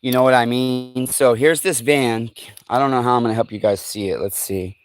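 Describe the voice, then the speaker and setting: A man hosting a livestream from his home, ranting angrily and swearing constantly, swinging between heated outbursts and lower muttering as he moves between rooms. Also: steady tone, moderate pace, faint music behind. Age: adult parent. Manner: profane, heated and complaining; rising to loud agitation, then muttering lower while walking around. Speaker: livestream host. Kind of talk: angry livestream rant.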